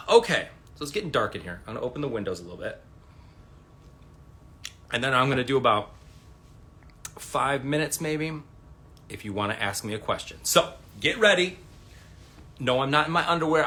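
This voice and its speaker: A man chatting on a live stream, winding through long, profane anecdotes full of "um"s and quoted dialogue. His pitch swings widely from line to line, and his voice is bright and forward. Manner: rambling, profane, lots of fillers and quoted dialogue. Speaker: livestream host. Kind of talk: casual storytelling to viewers.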